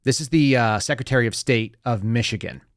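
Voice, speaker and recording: A man's voice: medium pitch, brisk, no echo, clean studio sound. A man hosting a podcast, giving heated, sarcastic and profane political commentary. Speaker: podcast host.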